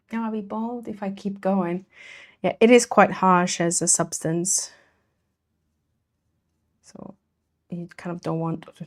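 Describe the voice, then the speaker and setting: A woman talks casually with her livestream audience while painting, thanking and greeting viewers as they arrive. Her voice has a noticeable creaky fry, and she laughs easily between remarks. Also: medium pitch. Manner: chatty, laughs often, greets and answers chat. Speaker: artist streaming while painting.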